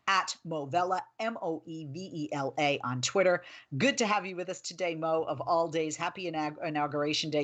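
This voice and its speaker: A woman in her forties hosting a political talk show, chatting and telling stories in an animated way. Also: low-pitched. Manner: chatty, animated storytelling with laughs.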